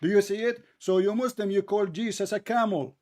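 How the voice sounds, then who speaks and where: A man's voice: sits high, fairly quick, darkish tone. A man who speaks natively, hosting a heated live debate, combative and mocking, often talking over the other side. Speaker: debate host.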